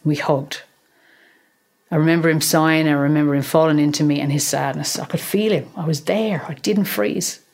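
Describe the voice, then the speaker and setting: A woman's voice: deep voice, steady tone, normal speed, darkish tone. A middle-aged woman, a counsellor, telling a candid and emotional personal story on her podcast, swearing casually now and then.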